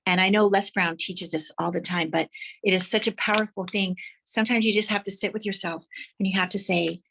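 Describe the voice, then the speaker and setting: A woman's voice: mid-range voice, steady tone, fairly quick, vocal fry, a bit bright, slight background noise. A woman giving a motivational speech, telling vivid stories and guiding listeners to imagine their dreams. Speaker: motivational speaker.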